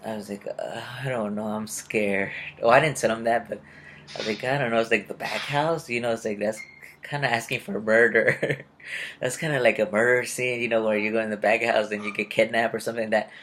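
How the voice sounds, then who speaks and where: A man's voice: lowish voice, fairly even intonation, quick pace, a bit bright, a little hiss or hum. A young man casually telling a rambling personal story and acting out the people he met. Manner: rambling, confused, retells conversations in quotes. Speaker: vlogger.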